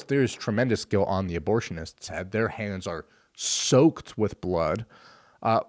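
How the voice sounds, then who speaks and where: Forceful man posing rhetorical questions. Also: medium pitch, no echo, studio quality. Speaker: commentator. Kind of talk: opinion monologue.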